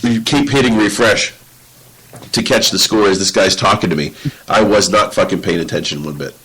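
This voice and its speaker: A man hosting a casual podcast chat, telling an excitable, swearing story and acting out his own reactions. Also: on the low side, normal speed, slight background noise, low-quality recording. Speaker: podcast host.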